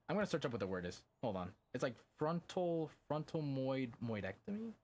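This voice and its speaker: A man's voice: medium pitch, big pitch swings, fairly quick, few pauses, darkish tone, slight background noise. Rambling young man streamer. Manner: rambling, heavy on fillers, swears casually. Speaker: game streamer. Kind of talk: casual live-stream chat.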